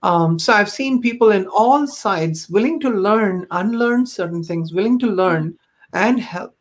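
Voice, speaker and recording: Appearing as a guest on a podcast, this woman talks at a measured pace with a medium-pitched, animated voice. Her personal stories come out earnest and reflective, peppered with plenty of ums and you-knows.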